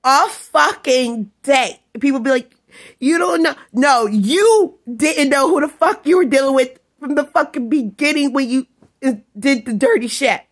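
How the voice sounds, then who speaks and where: A woman vlogger in an angry, rambling rant, swearing constantly and often breaking into shouts. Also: high voice, lively intonation, a little slow. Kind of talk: ranting vlog monologue.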